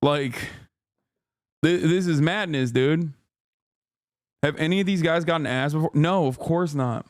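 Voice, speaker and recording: A man's voice: a little high, a little slow, long pauses, no room sound. A man streaming, ranting casually and profanely, breaking into mocking put-on voices. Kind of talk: casual livestream commentary.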